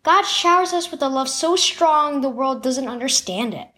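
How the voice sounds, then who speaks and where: A woman narrating a children's devotional story in an expressive, sing-song storytelling way. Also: high voice, moderate pace.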